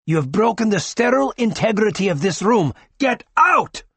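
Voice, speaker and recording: A man voicing a courtly, composed alien male doctor who speaks softly to patients and formally to intruders. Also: medium pitch, animated, measured pace, husky, no echo. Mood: commanding. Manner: soft and soothing to patients, sharp when ordering.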